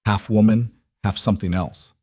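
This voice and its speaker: A man narrates a fantasy story in a steady, scripted read. His voice sits low and sounds dry, close to the mic with no room around it. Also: moderate pace, no echo.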